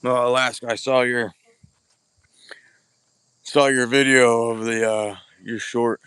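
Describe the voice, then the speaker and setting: Recorded on a camera mic without an external microphone, a man hosts a casual bowhunting livestream at an outdoor archery practice spot. He greets viewers by name and chats bluntly in a mid-range, slightly bright, smooth voice, with flat, slow delivery and no room sound.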